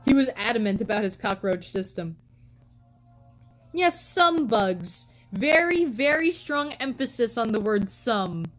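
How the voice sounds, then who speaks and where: Speaking at a normal speed with few pauses, this young woman has an expressive voice on the high side. She tells meandering, filler-heavy stories full of "like" and "um" during a casual live stream and greets her viewers. Faint music sits behind a rough recording.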